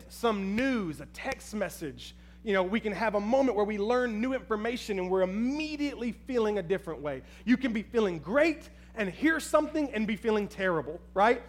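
Pastor, male, very high voice, lively storyteller who talks to the crowd. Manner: animated storytelling, addresses the crowd as "y'all". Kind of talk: sermon with personal story.

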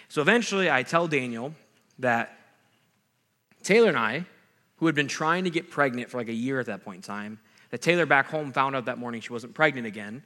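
A man's voice: medium pitch, lively intonation, brisk, sharp tone. A young adult man, a pastor, giving a sermon in a conversational way, with jokey asides and acted-out quotes.

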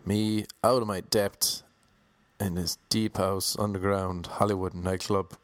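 Wry low-voiced Irish man. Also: unhurried, dry recording. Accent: Cork Irish. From Ireland. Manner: self-described monotone, wry and self-mocking. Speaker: comedian and DJ. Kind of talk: storytelling monologue.

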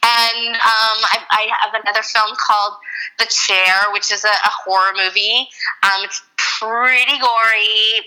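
A woman actress chatting casually in an interview, full of fillers and quick laughs. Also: medium pitch, steady tone, bright, forceful tone, smooth, poor audio. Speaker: actress, guest.

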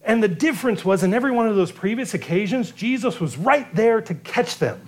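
Guy preaching a sermon, pretty high voice, acts out the quotes. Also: expressive, brisk. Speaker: pastor.

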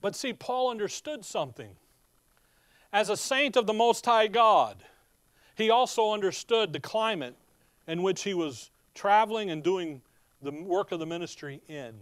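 High-voiced emphatic male preacher. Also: moderate pace, fairly bright tone, clear, resonant tone, no room sound, clean studio sound. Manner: emphatic and conversational, with rhetorical questions. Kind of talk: sermon with Bible reading.

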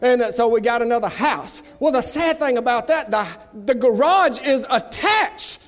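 A man from the American South preaching a fiery revival sermon in a folksy manner, swinging between shouts and hushed asides, in a church. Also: very high voice, lively intonation, normal speed, faint music behind. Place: church sanctuary. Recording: long reverb of a large hall.

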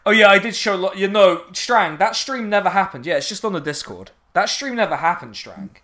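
A man's voice: sits high, lively intonation, a little fast, fairly bright tone. A man hosting his game stream in casual, joking chat, swearing freely and restarting sentences. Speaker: streamer host.

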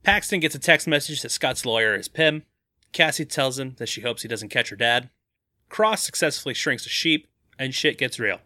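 A man co-hosting a casual podcast, recapping the plot quickly and laughing often. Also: medium pitch, bright, forceful tone, no room sound.

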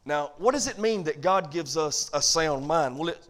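A man pastor preaching a sermon, animated and calling for amens. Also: fairly high pitch, normal speed, few pauses. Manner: animated preaching, calls for amen.

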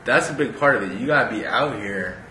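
A man's voice: mid-range voice, a little fast. A man talking casually about a book, rambling with lots of fillers and reading passages aloud. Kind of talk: casual chat. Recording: echoey room with steady background noise.

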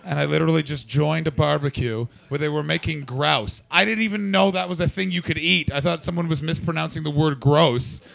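A man's voice: on the high side, a little fast, vocal fry, few pauses, a bit bright. A man doing stand-up crowd work, brash, profane and teasing. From Canada. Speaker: stand-up comedian.

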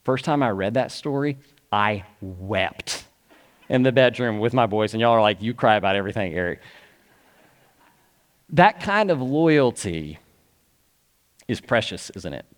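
A man's voice: medium pitch, very animated, unhurried. A man, a pastor preaching a sermon in an earnest, conversational way and asking his listeners questions.

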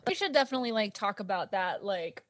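A woman on a casual podcast chat, animated and enthusiastic. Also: mid-range voice, quick pace, no echo, studio quality.

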